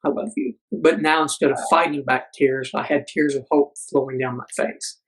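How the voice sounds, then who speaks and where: Husky-voiced man telling a heartfelt story. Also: a little high, fairly even intonation, moderate pace, rough recording. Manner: earnest, frequent restarts, acts out quoted dialogue. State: blind military veteran. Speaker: podcast guest. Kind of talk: personal storytelling in conversation.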